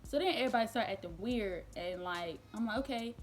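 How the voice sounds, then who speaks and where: A young adult woman vlogger telling a casual storytime, chatty and animated, with lots of fillers and easy laughs. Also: on the high side, a little fast. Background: faint background music.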